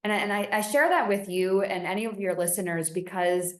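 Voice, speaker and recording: Woman, young adult, podcast guest, chatty, animated, lots of fillers, echoey room. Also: mid-range voice, brisk. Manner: chatty and animated, many fillers, voice rising when excited. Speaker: podcast guest, business founder. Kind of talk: casual interview storytelling. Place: home in Costa Rica.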